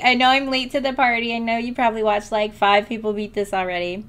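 A woman hosting a gaming video, chatting in a bubbly, excitable let's-play style. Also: on the high side, fast, hardly any pauses, a little hiss or hum.

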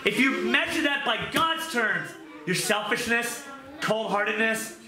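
A man preaching a sermon to a small group in an earnest, conversational way, with quick asides and questions to his listeners. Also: high voice, lively intonation, bright, forceful tone. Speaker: pastor. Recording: echoey room with background noise.

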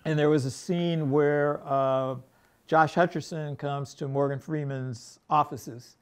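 Animated middle-aged male storyteller. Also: fairly high pitch, slow pace, clean tone. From United States. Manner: animated storyteller, acts out quoted dialogue, many restarts. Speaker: film director, guest. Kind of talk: interview conversation, storytelling.

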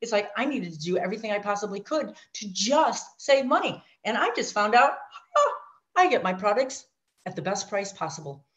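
A middle-aged woman sharing her life story, animated, acting out voices and speaking asides to her listeners. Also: medium pitch, moderate pace. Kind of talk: personal testimony talk. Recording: dull lo-fi audio.

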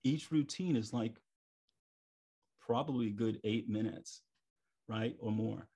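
A middle-aged man, a stage performer guest on a podcast, telling stories in a lively way and acting out his own thoughts. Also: fairly low pitch, measured pace, breathy edge. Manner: animated, acts out his own inner thoughts. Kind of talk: casual storytelling interview.

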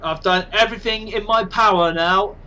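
A man casually commentating on his own game, excitable and self-mocking. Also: sits high, moderate pace, rough recording. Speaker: gaming channel host.

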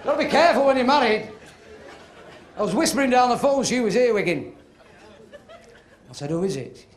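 A man's voice: very high-pitched, big pitch swings, fairly quick. A man doing live stand-up comedy, telling punchy jokes and acting out the lines. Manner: punchy joke-telling with quoted voices. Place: comedy club stage. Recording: echoey club with crowd laughter and noise.

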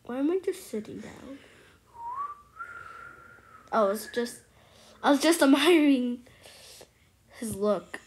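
Excitable high-voiced woman gaming. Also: slow pace, pauses often, slight background noise. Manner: excitable, exclaiming and drops into hushed whispers. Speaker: gameplay streamer. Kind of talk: casual gameplay commentary.

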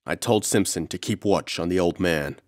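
A man's voice: low-pitched, normal speed, no room sound, studio quality, lightly acted. A man voicing a frightened ship's mate who mutters and protests hysterically, in an audiobook reading.

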